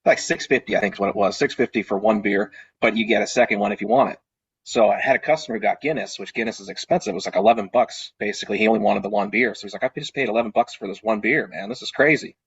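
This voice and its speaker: Husky-voiced man telling rambling stories. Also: fairly low pitch, rapid-fire, muffled recording. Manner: rambling, chatty, many fillers and restarts. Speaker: party rental business owner. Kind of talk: casual storytelling on a video call. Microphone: video call.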